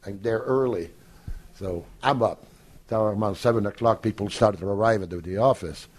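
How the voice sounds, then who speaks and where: In a casual interview, this older podcast guest spins stories, performing other people's lines and laughing frequently. His voice is fairly low and his pace moderate.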